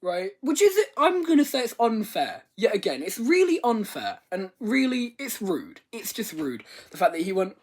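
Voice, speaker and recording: A man's voice: high-pitched, huge pitch swings, moderate pace, hardly any pauses, darkish tone. A man giving a rambling, comedic movie review rant, swearing and exaggerating. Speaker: video reviewer.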